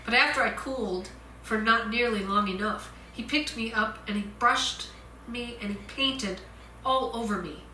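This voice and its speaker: A woman minister delivering a sermon in a church, slow and deliberate, repeating her key points. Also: a little high, pushed and bright, slight background noise. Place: church sanctuary. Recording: roomy church echo.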